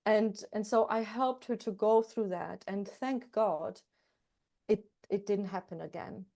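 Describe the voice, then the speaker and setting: A woman guest speaking earnestly and warmly about parenting, telling personal stories in a casual interview. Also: medium pitch, measured pace. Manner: earnest, heartfelt, repeats words for emphasis. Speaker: guest, coach and hypnotherapist. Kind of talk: casual interview talk, storytelling.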